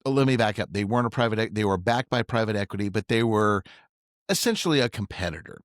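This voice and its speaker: Animated middle-aged male storyteller, dry sound. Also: lowish voice, quick pace, no room sound. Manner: animated, acts out quoted dialogue. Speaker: financial advisor, podcast guest. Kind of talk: casual conversational storytelling.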